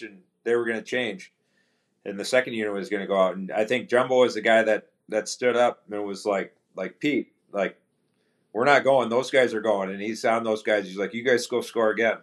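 A middle-aged man, a retired hockey player, telling stories as a podcast guest in a relaxed, anecdotal way and acting out quoted dialogue. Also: on the low side. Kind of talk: casual storytelling interview.

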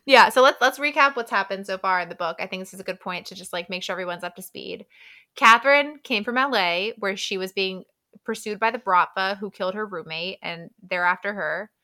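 A woman's voice: mid-range voice, a little fast, pushed and bright. A woman co-hosting a book podcast, recapping the plot in frank casual chat and laughing often. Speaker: podcast co-host.

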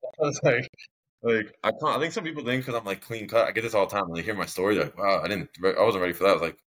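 A man's voice: lowish voice, very fast, a bit bright. A young man telling his story as a podcast guest, rambling and filling his talk with "like". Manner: rambling, heavy use of "like", long-winded. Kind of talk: casual storytelling in an interview.

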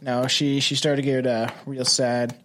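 A man's voice: mid-range voice, little pitch movement, a little slow, fairly bright tone, slight background noise. A man co-hosting a podcast, reading a ghost story in a rambling, swearing, casual way. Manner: rambling, swearing, laughing often. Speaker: podcast co-host.

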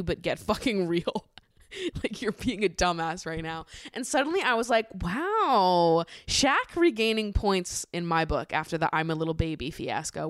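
A young woman hosting a podcast, chatting in a gushing, casual way with lots of filler words and frequent laughter, acting out quotes in animated voices. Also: fairly low pitch, smooth, no echo, clean studio sound. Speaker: podcast host. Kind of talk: casual chat recapping a reality show.

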